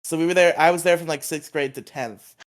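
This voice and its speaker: A man's voice: a little high, a little fast. Young man chatting with self-amused laughter. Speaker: podcast co-host. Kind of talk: casual podcast chat.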